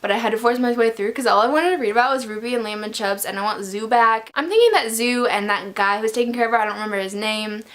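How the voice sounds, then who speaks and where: Gushing woman reviewing a book. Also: fairly high pitch. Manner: gushing, excitable fan talk. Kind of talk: casual book review vlog.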